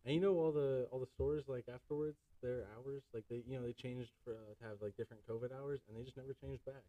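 A man's voice: mid-range voice, fairly even intonation, fast talker, distant mic, narrow, tinny audio. A man talking as a podcast guest in a chatty, casual way, leaning heavily on "like" and "you know.". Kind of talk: casual chat.

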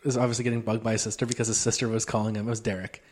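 A man's voice: on the low side, level tone, very fast, darkish tone. A man co-hosting a casual podcast, rambling in an easygoing way and swearing now and then. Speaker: podcast co-host. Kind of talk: casual chat.

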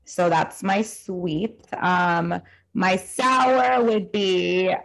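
Animated, outspoken woman chatting casually. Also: on the low side, very slow, rough recording. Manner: animated storyteller, swears freely, acts out her own quoted lines. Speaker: podcast co-host. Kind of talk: casual chat.

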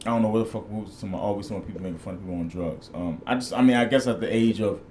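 A man's voice: lowish voice, very fast, slight background noise. A man in his thirties hosting a podcast, chatting casually and rambling with plenty of swearing. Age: 30s. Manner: profane, rambling, animated. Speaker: podcast host. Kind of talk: casual chat.

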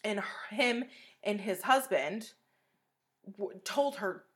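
A woman co-hosting a true-crime podcast in casual chat, animated and swearing often as she recounts details of a case. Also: medium pitch, slow. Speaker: podcast co-host.

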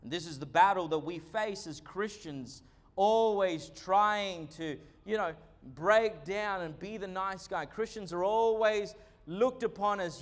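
High-voiced male pastor preaching slowly. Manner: emphatic preaching, frequent "uh" fillers. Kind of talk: sermon.

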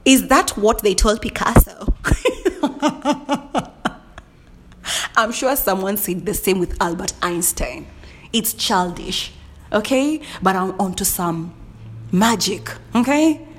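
A woman's voice: medium pitch, expressive, unhurried, slight background noise. A woman hosting a solo podcast, chatting casually and playfully, often breaking into laughter and mock indignation. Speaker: podcast host.

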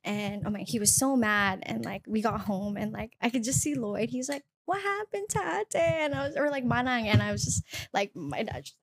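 A woman's voice: medium pitch, brisk, hardly any pauses. A young woman co-hosting a podcast who tells stories playfully and giggles through them. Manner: giggly, playful, acts out begging. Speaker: podcast co-host. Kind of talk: casual chat.

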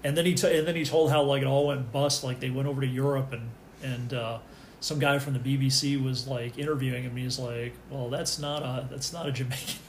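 Middle-aged male podcast guest, rambling chat with restarts, mid pitch, roomy echo. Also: level tone, a little fast. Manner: rambling, many restarts and fillers. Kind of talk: casual podcast chat about wrestling. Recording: echoey room, faint background noise.

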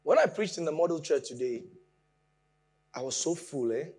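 A man preaching a sermon, explaining with lively emphasis that rises from quiet asides to raised points. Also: on the high side, normal speed, breathy edge.

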